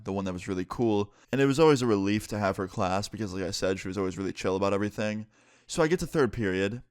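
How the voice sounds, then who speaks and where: Young guy telling a story time vlog, low voice, casual and sweary, dry close sound. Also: clean tone, no echo. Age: young adult.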